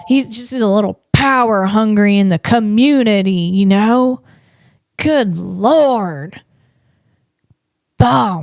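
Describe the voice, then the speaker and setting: Slow-talking woman with a rambling, jokey delivery. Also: mid-range voice, darkish tone, no room sound, clean studio sound. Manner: rambling, jokey ranting with frequent restarts; playful and teasing. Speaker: podcast host and stand-up comedian. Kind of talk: casual solo podcast monologue.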